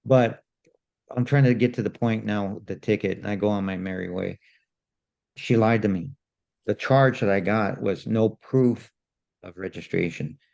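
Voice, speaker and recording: Man, gravelly voice, indignant, repeats himself, dull lo-fi sound. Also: lowish voice, normal speed, a little mellow. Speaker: podcast co-host. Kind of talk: casual storytelling.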